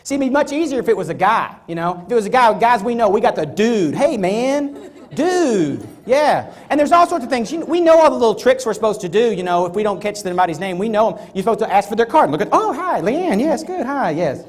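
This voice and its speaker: On stage before a live audience, a male motivational speaker gives an animated talk, acting out little scenes as he goes. His voice sits high, and he talks fast with few pauses.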